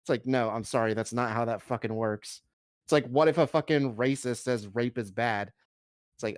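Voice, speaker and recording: A man's voice: mid-range voice, moderate pace, dry recording, studio quality. A man co-hosting a stream, reacting to a video with blunt, profane rants. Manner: blunt, swears a lot, ranting. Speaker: stream co-host. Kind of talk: casual chat reacting to a video.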